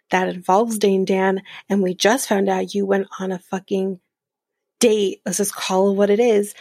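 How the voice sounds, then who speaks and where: Snarky woman podcast host, husky. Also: mid-range voice, darkish tone, no room sound, clean studio sound. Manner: snarky, swears, laughs often, acts out quotes. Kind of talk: casual recap chat.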